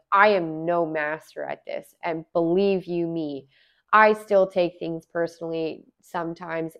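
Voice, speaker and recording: A woman's voice: fairly low pitch, lo-fi sound. A woman from Alberta, musing in a casual, earnest monologue full of rhetorical questions. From Alberta, Canada.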